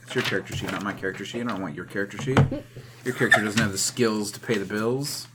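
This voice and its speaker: A man's voice: on the low side, quick pace, very noisy. A man playing in a tabletop role-playing game, matter-of-fact and teasing. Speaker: player. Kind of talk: casual game play.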